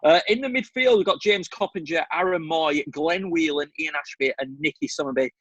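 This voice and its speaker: A man's voice: on the high side, fairly quick, a bit bright, no room sound, dull audio. A man hosting a football podcast over a video call, joking and laughing easily. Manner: jokey, playful, laughs easily. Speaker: podcast host. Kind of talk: casual football podcast chat.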